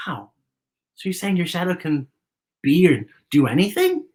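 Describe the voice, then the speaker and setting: A woman's voice: lowish voice, sing-song, moderate pace. A woman hosting a children's story time, reading a picture book aloud and talking directly to young viewers at home.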